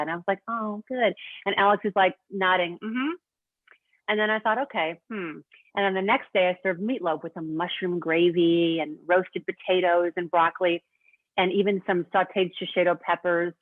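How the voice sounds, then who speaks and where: A woman in her fifties talks casually as a cooking coach, animated as she retells family conversations. Her voice comes over a thin, phone-like video call line with no room sound at all. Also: lowish voice, no echo. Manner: animated, acts out family dialogue. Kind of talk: casual interview chat. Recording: tinny phone-like line, dry.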